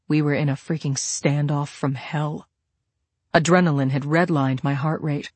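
A woman narrating a thriller audiobook in the first person. Her reading is steady and measured, her voice husky and a little low. The recording is dry and close. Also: dry recording.

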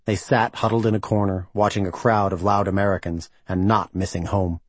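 A man reading a novel aloud as the narrator, in an even, measured manner. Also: deep voice, dry recording. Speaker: audiobook narrator. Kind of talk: scripted narration.

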